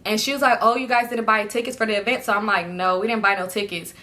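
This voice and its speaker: A young woman telling a casual storytime to her viewers, animated and slangy, often breaking into laughter. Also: mid-range voice, fast.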